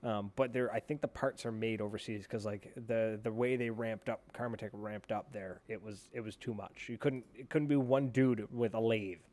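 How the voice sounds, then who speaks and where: A man's voice: fairly low pitch, steady tone, moderate pace, few pauses, a little mellow. A man co-hosting a paintball podcast in casual chat, rambling and blunt, swearing freely. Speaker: podcast co-host.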